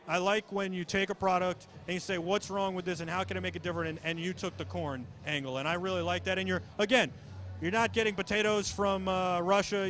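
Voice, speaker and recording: A man's voice: sits high, a bit bright. A man hosting a live broadcast interview, teasing and joking with his guest. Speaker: interview host.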